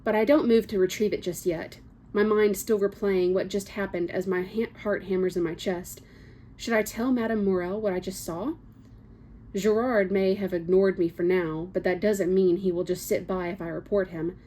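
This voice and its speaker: A woman's voice: medium pitch, steady tone, moderate pace, dark tone, a little hiss or hum. A woman reading a first-person novel excerpt aloud, with small slips and casual asides. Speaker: book reader.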